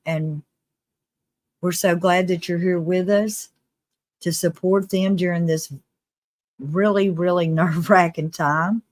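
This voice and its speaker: Chatting earnestly and casually, this livestream host keeps up a running commentary broken by restarts and short bursts of laughter. The voice is medium in pitch, and there's no room sound at all.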